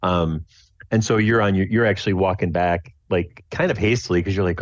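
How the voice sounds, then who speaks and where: A man's voice: sits low, fairly quick, no room sound. A man narrating a tabletop game as game master, rambling with many restarts. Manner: rambling, lots of fillers and restarts. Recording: dry, dull lo-fi sound.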